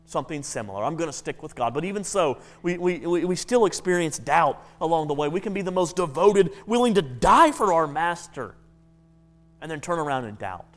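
Conversational preacher, slightly high voice. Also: male voice. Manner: conversational, stammering restarts. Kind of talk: sermon.

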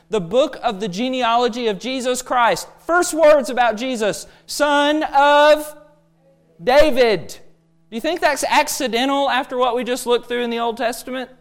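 High, smooth-voiced male preacher. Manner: emphatic, asks rhetorical questions. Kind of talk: sermon.

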